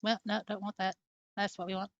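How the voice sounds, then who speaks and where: A woman's voice: medium pitch, flat delivery, fairly quick, no echo, muffled recording. Chatty woman streaming from home. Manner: chatty, reads chat aloud, talks to her cat. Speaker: live streamer. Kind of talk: casual live stream chat.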